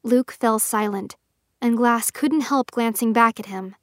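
A woman narrating a young adult novel in a steady, expressive audiobook reading. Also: fairly high pitch, a little slow, dry recording, studio quality.

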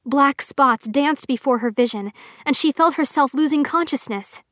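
A woman narrating a young adult novel in a steady, expressive audiobook reading. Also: high voice, normal speed, no echo, clean studio sound.

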